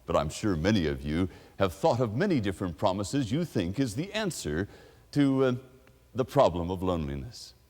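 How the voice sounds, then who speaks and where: Pastor, male, low voice, lively storytelling sermon delivery, long church reverb. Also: moderate pace. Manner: expressive storytelling, acts out quoted people.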